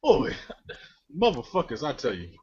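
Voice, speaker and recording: With a medium-pitched, breathy-edged voice at normal speed, a male podcast co-host rants animatedly and profanely for comic effect, laughing frequently. The audio has a lo-fi quality.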